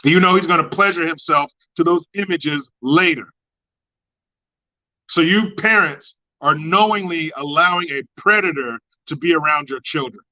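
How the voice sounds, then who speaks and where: A man with a fairly high, bright, forceful voice rants through a livestream. He swears freely, mocks, and drops from loud outbursts to low mutters while reading chat. The sound is a bit dull and lo-fi. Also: moderate pace. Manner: profane, mocking, swings between loud outbursts and low mutters. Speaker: livestream host. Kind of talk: ranting commentary, reading chat.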